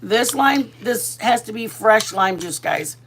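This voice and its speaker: A woman's voice: fairly high pitch, expressive, takes it slowly, a bit bright, slight background noise. A woman from Texas chatting casually while she cooks on a livestream, laughing often and mixing in Spanish words. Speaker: vlogger. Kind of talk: casual cooking livestream chat.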